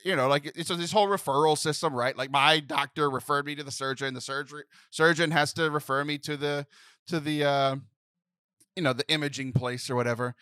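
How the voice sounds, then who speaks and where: A man in his thirties hosts a comedy podcast, spinning an exasperated story with lots of laughter. His voice sits high and lively, bright and forward. The sound is close and dry. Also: brisk, smooth, dry recording. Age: 30s. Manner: animated, laughing, acts out phone voices in exasperated bursts. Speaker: podcast host.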